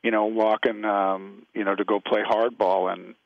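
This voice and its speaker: A man's voice: fairly low pitch, level tone, normal speed, vocal fry, no room sound. A middle-aged man from California, a guest actor telling rambling, laid-back anecdotes in a radio interview. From California, USA. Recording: dull lo-fi radio audio.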